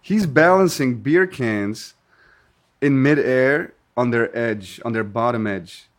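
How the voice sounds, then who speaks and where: A man's voice: mid-range voice, takes it slowly. A man in casual podcast chat, telling stories animatedly and swearing freely.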